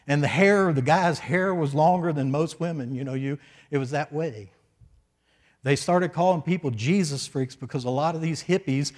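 A man's voice: fairly high pitch, a little mellow. An older man preaching, telling a personal story in a folksy, chatty way with asides, into a microphone. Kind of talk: sermon storytelling. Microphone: stage microphone.

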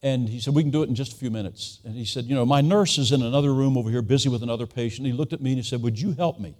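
A man's voice: mid-range voice, very fast, darkish tone. A man in his sixties preaching a sermon, telling a family story earnestly and acting out the voices he quotes.

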